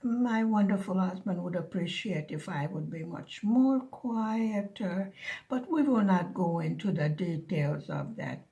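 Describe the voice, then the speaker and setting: A soft-spoken woman talks with her viewers as she works on a diamond painting, musing unhurriedly. Her pitch sits in a middle range and she takes her time over each thought. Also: expressive, a little slow. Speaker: craft vlogger. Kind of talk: casual chat while diamond painting. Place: living in Hungary, at home.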